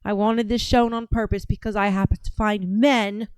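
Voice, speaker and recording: A woman's voice: medium pitch, flat delivery, moderate pace, clean tone, no room sound. A woman hosting an online news commentary show, talking in an emphatic, cheering, opinionated way.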